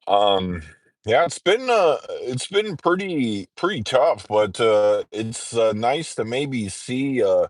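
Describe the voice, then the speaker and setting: A man's voice: medium pitch, expressive, slow pace, no echo. Congested man hosting a casual morning livestream, rambling and filler-heavy, dry close sound. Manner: rambling, frequent throat-clearing and filler words. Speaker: livestreamer in trucker training.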